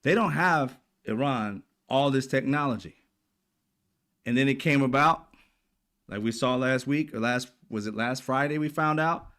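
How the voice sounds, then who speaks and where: Blunt, profane male commentary host. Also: medium pitch. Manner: blunt, profane, animated, voices quoted people. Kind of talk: casual political commentary.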